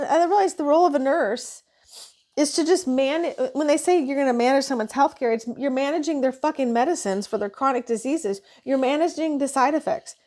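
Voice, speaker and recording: A woman nurse venting in a casual monologue, frustrated and swearing as she retells her shift. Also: high voice. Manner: frustrated, profane, animated retelling.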